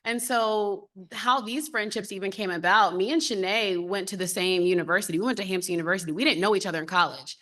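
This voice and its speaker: A woman's voice: mid-range voice, fast, hardly any pauses, a bit bright. A woman in her thirties speaking on a panel in an open, heartfelt, conversational way. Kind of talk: candid panel talk. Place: symposium panel.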